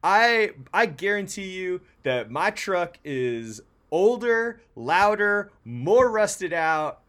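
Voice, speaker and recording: A man from the San Francisco area co-hosts a casual chat show, speaking slowly in a high, very animated and slightly bright voice. As a podcast co-host he rambles with lots of fillers, swears frequently and laughs often.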